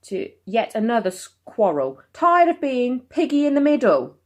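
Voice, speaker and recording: A boy from a storybook, worn out and bitter, his voice raised high. A woman voices him as she reads. His words come out weary. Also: animated, normal speed, natural voice. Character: tired, bitter young boy.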